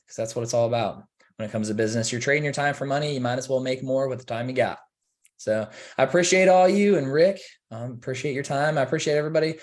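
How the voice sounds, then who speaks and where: A man, a realtor presenting on a webinar, talking in a friendly, grateful way with lots of ums. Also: medium pitch. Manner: friendly, grateful, filler-heavy. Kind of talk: casual webinar wrap-up.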